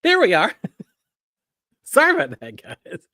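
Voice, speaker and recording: A man's voice: high voice, huge pitch swings, slow, sharp tone, no room sound, studio quality. A middle-aged man from Texas with a Texan accent, hosting a live stream in a folksy, friendly way and laughing at himself. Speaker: host.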